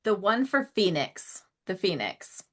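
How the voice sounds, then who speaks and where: Woman podcast co-host, unhurried, wide-ranging pitch, quick to laugh. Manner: laughs often, drawn-out excited reactions. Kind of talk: casual chat.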